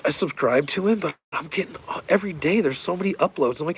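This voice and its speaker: A man ranting in a rambling, profane, excitable way about cryptids and conspiracies in a casual vlog. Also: fairly high pitch, quick pace, hardly any pauses, slight background noise. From Colorado, USA. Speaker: vlogger.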